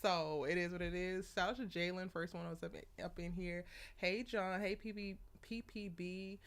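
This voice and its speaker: A woman's voice: on the low side, steady tone, moderate pace. A young woman hosting a casual live stream, chatty and laughing often as she greets viewers by name. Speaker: live show host.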